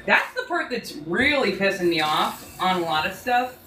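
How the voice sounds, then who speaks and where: A woman hosting a casual tarot livestream rants heatedly, swearing a lot in a slight Southern accent. Her mid-range voice is bright and forceful, swinging widely in pitch at a moderate pace, with slight background noise.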